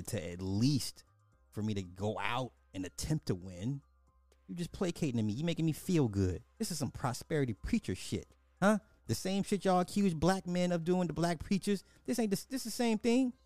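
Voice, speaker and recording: A man's voice: medium pitch, warm tone, no echo. A man hosting a reaction video, commenting on clips in a blunt, indignant and profane way.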